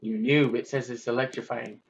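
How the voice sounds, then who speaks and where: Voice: mid-range voice, fairly even intonation, a little fast, vocal fry, dull audio, a little hiss or hum. A gamer giving playful, chatty commentary on a game, squealing and exclaiming while playing. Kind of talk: gameplay commentary.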